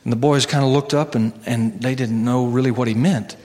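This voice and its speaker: A man preaching a sermon and telling a story, earnest, slowing down for key lines. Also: mid-range voice, steady tone, darkish tone, in a large hall.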